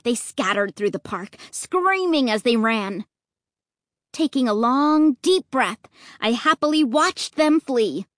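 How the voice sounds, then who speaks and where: A woman reading a children's story aloud, expressive and lively, acting out the dialogue. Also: fairly high pitch, slow pace, no room sound, studio quality. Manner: lively, voicing dialogue with rising excitement. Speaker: audiobook narrator.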